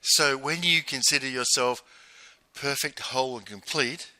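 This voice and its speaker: A male coach talks straight to the listener in a bright, forceful tone. He leans on repetition and rhetorical questions. The sound is dry and close, with no room around it. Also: mid-range voice, a little slow, no echo. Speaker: business coach. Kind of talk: motivational monologue.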